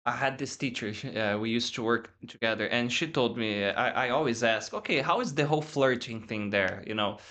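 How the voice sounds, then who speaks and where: A Brazilian man with a Brazilian Portuguese accent, hosting a podcast in English with a jokey, halting way of talking. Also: medium pitch, pushed and bright. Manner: jokey, encouraging, halting with restarts. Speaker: podcast host. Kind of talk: casual interview chat in English.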